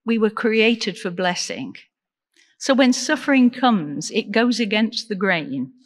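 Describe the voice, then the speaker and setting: A woman deacon preaching a sermon in an earnest, measured way, asking the congregation questions. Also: mid-range voice, big pitch swings, in a large hall. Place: church.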